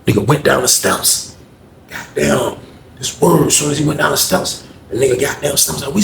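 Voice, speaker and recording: A man telling a story in a casual, animated, slangy and profane way, acting out scenes. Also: a little high, a little fast, creaky, roomy sound, a little hiss or hum.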